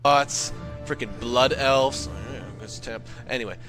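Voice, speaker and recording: A young man telling a comic gaming story as a rant, jumping into loud quoted voices. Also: medium pitch, measured pace, soft background music. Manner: animated, swings into shouted quoted voices. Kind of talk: comedic gamer rant.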